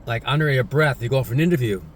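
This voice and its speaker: A man's voice: mid-range voice, quick pace, a little hiss or hum. Man teaching, full of tag questions. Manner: repetitive, tag questions like "right?" and "isn't it?". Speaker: English teacher. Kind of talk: casual spoken lesson.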